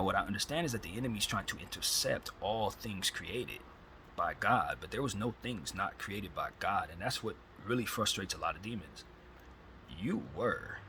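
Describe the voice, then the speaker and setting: A man's voice: fairly low pitch, a bit bright, slight background noise, poor audio. A man giving a rambling, preachy spiritual monologue full of slang, recorded on a phone. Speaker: host.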